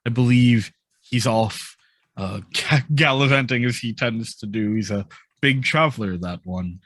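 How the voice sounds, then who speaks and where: A man's voice: mid-range voice, a little slow, no echo. Man playing a jovial, effusive old baron. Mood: sympathetic. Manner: effusive, apologetic, warmly enthusiastic. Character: jovial big older male baron.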